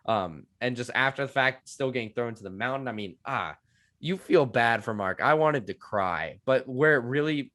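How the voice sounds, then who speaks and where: A man's voice: medium pitch, lively intonation, moderate pace, a bit bright. A young man co-hosting a casual show review, talking eagerly and rambling with lots of fillers. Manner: eager, rambling, heavy use of "like". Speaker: podcast co-host reviewing a TV show.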